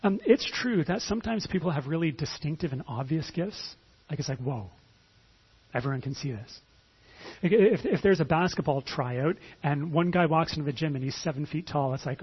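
A man's voice: fairly high pitch, expressive, moderate pace, husky, lo-fi sound. A pastor giving a conversational sermon, often repeating words as he starts a phrase.

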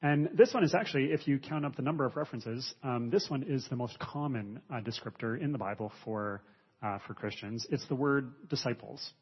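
Husky male preacher in a reverberant hall. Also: mid-range voice. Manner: measured preaching with frequent "uh" fillers. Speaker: pastor. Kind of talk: sermon. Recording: muffled sound with long hall reverb.

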